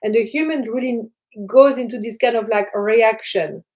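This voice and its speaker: A woman spiritual teacher talking in her flat, her speech soft and flowing, with repeated phrases and many fillers. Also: fairly high pitch, normal speed, low-quality recording. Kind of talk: casual teaching talk.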